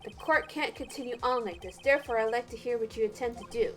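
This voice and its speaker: A woman putting on an old male judge who speaks in a formal, firm way. The voice stays fairly high. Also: fast, a bit bright, faint music behind, close to an everyday voice. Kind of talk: let's play voice reading.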